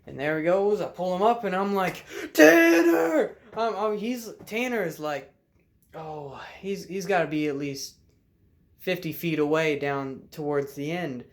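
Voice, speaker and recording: A young man sits in his cluttered bedroom and tells the camera a fishing story in a relaxed drawl, breaking into loud shouts as he acts it out. His pitch runs fairly high and he takes his time.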